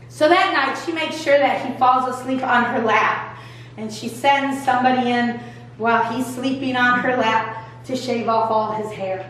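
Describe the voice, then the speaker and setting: A woman pastor retelling a Bible story in a lively, jokey, colloquial way, recorded from far off in a church. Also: fairly high pitch, normal speed, a little hiss or hum. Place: church sanctuary. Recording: echoey hall, mic far off.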